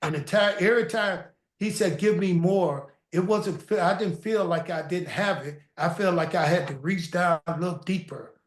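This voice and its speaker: A man guest in a casual interview, telling animated stories and acting out quoted dialogue. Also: sits high, normal speed, hardly any pauses. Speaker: guest storyteller. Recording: echoey room.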